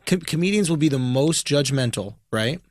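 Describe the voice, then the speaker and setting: A man's voice: a little high, animated, moderate pace, a little mellow, dry recording. A man who is a comedian co-hosting a podcast, talking bluntly and swearing freely in casual chat.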